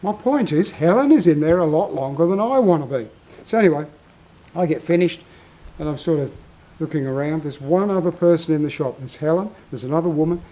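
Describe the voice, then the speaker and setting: Aussie bloke rambling through a story, warm mellow voice, bit high. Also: male voice, low-quality recording. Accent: Australian. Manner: rambling, self-interrupting storyteller. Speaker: vlogger. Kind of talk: casual storytelling.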